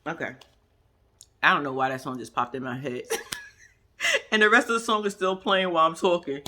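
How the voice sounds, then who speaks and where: A woman's voice: low-pitched, brisk, bright, forceful tone, slight background noise. A woman casually recapping a reality show, blunt and profane, laughing often and mimicking the people she talks about.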